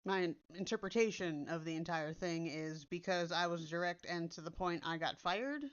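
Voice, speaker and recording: A woman's voice: on the low side, moderate pace, clear, resonant tone. A woman content creator in casual chat, blunt and direct, swearing casually. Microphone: built-in computer mic instead of her usual microphone. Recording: dull lo-fi sound from a computer's built-in mic.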